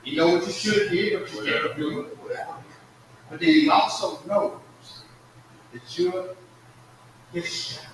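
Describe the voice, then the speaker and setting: A man preaching a sermon in a church, calling out to the congregation and swinging from soft murmurs to loud shouts. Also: high voice, very animated, measured pace, long pauses, a little hiss or hum. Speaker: pastor. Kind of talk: call-and-response sermon. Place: church sanctuary. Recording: echoey distant church livestream recording.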